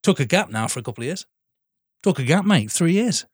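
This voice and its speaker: A man's voice: fairly high pitch, very animated, a little fast, slightly rough, no room sound, studio quality. A man co-hosting a podcast, chatting eagerly about films, swearing and calling his friend mate. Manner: enthusiastic, swears, keeps saying "mate". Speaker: podcast co-host. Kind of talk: casual film chat.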